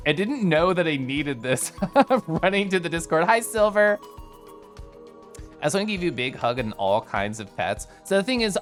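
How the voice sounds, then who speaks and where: With a fairly high voice, a man streams live and chats casually with viewers, reading their messages in an animated, giggly way as his voice swings playfully.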